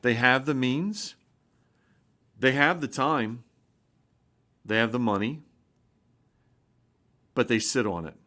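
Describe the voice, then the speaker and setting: A man's voice: medium pitch, slow pace, long pauses, pushed and bright. A man in his fifties, a pastor giving an informal spoken sermon, earnest and rambling, with frequent restarts and rising emphasis. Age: 50s.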